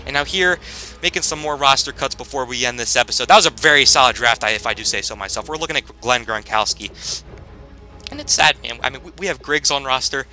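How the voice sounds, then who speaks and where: A man giving casual, rambling gameplay commentary as he plays, with sudden loud bursts of hype. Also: mid-range voice, brisk. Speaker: gaming commentator.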